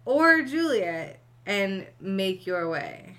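A woman's voice: medium pitch, sing-song, very slow, pushed and bright. A woman co-hosting a casual podcast chat, reacting with dry, teasing quips. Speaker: podcast co-host.

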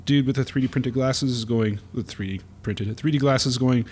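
A man in a mid-pitched voice casually narrating a comic aloud on a podcast. He talks in a playful, halting way, stopping for fillers and chuckles. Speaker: podcast co-host.

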